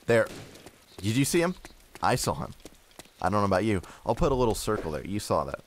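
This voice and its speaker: A man's voice: fairly low pitch, big pitch swings, brisk, slight background noise. A young man giving casual, joking play-by-play of his own gameplay, poking fun at himself. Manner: joking, self-mocking play-by-play. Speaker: gameplay commentator. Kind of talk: casual game commentary.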